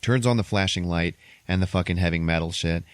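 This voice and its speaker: A low-voiced man casually recaps a movie for his podcast, telling it profanely and with lots of energy. His voice sits dry and close on the mic. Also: a little fast, clear, resonant tone, dry recording. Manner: profane, animated storytelling. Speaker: podcast host.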